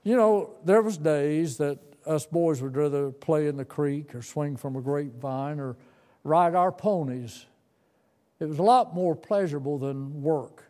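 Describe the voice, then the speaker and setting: A man's voice: a little high, unhurried, warm tone. A man in his seventies telling a tender, folksy story from his boyhood as part of a sermon. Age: 70s. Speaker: preacher.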